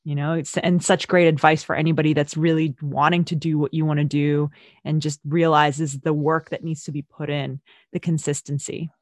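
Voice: mid-range voice, level tone, moderate pace, no room sound, clean studio sound. An interviewer, chatting casually, eager and affirming, with many "like"s. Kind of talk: casual chat.

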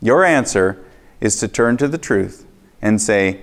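Animated male preacher telling a testimony. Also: fairly low pitch, unhurried. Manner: storytelling, animated, acts out own reactions. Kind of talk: sermon testimony.

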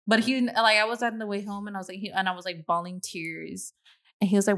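A woman's voice: mid-range voice, moderate pace, fairly bright tone. A woman hosting a casual podcast chat, telling a story bluntly and swearing freely. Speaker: podcast host.

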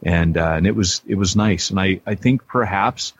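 Husky guy cohosting a podcast, lively, kinda dull lo-fi sound. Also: low voice, normal speed. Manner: earnest, then joking and laughing. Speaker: podcast co-host. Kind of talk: casual podcast chat.

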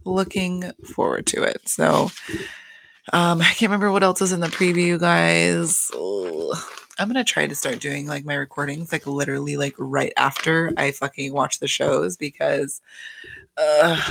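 Gravelly, gushing podcast host. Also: medium pitch, fairly bright tone, dry recording. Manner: gushing and profane, chatty and rambling. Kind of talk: casual reality TV recap podcast.

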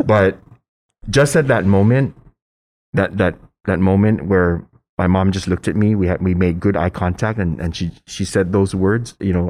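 A middle-aged man telling a personal story in casual chat, hesitant with restarts, then animated as he acts out voices. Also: moderate pace. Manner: animated storyteller, acts out quoted voices with high pitch jumps; hesitant, many restarts and fillers.

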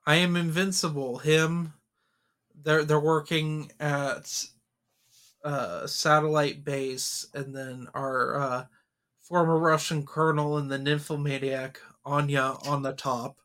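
A man talks through a movie in a casual podcast chat, opinionated and animated. His voice is bright and forceful and sits a bit high for a man. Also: slow pace. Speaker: podcast co-host. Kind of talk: casual film discussion.

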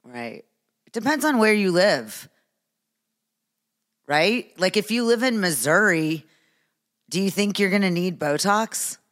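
A woman's voice: medium pitch, animated, a little slow, long pauses, a bit bright. A woman in her fifties hosting a casual podcast with her daughter, playful and laughing often. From United States. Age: 50s. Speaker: podcast host, comedian. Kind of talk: casual chat.

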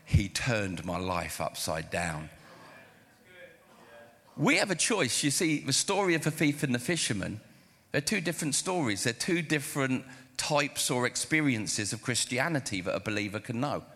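A man preaching a sermon in a church hall, his mid-pitched voice ringing with long reverb. He tells stories with animation and acts out the dialogue, shifting between voices. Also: normal speed. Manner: animated storytelling, acting out dialogue. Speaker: pastor.

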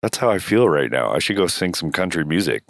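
A man with an extremely low voice, made hoarse and rough by a cold. He co-hosts a podcast in loose, rambling chat, tossing in jokes as he goes. The sound is dry and close, with no room around it. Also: sing-song, brisk, a bit bright, no echo. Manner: rambling, joking. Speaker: podcast co-host. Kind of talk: casual chat.

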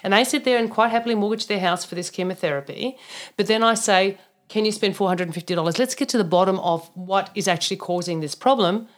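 A woman co-hosting a casual podcast, a practitioner who tells client stories in an animated, blunt way with mild swearing. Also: mid-range voice, fast. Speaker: naturopath, podcast co-host.

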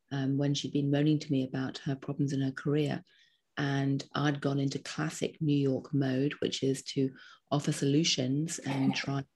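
A woman in her fifties speaks in a low, slightly husky voice. She talks as an interview guest, stringing short phrases together with frequent ums and an animated push. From Britain. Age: 50s. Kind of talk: conversational interview.

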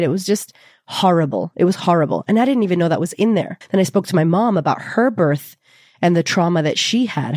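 A woman hosting a podcast, telling a personal story in a candid, lively way and swearing freely. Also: lowish voice, no room sound, clean studio sound. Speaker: podcast host.

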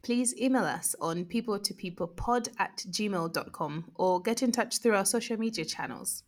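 A woman's voice: mid-range voice, moderate pace. A woman hosting a podcast, speaking in a reflective, thoughtful way. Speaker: podcast host. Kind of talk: casual conversation and podcast outro. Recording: roomy echo.

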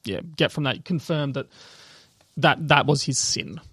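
A man's voice: a little high, a little slow, a bit bright, husky, no echo, studio quality. A man narrating a tabletop game as game master, loose and hesitant with many fillers.

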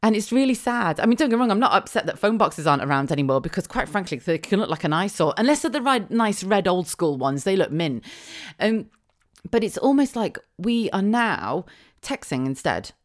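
A middle-aged woman hosting her own podcast, talking casually on her own, with quick asides, rhetorical questions and frequent laughs. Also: medium pitch, big pitch swings. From England (Wiltshire). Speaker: podcast host. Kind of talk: casual solo podcast monologue.

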